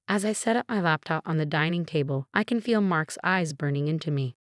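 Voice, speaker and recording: A woman in her twenties narrates a first-person story at an even, measured pace. Her voice sits a little low. It sounds dry and close to the mic. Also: no echo. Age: 20s.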